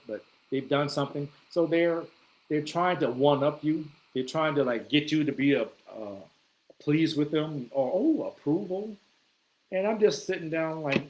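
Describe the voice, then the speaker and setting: A man's voice: a little high, darkish tone, rough recording. A man talking casually to camera, telling stories in a loose, conversational way with plenty of swearing and acted-out reactions. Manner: acts out his own reactions in quoted asides. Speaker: vlogger. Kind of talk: casual storytelling monologue.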